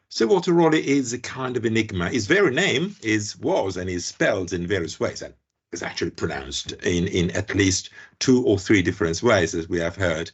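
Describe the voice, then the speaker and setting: Gravelly Italian-accented male lecturer. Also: sits low, lo-fi sound. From Italy. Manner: hesitant, many fillers and restarts. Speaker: guest lecturer. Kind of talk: academic seminar lecture.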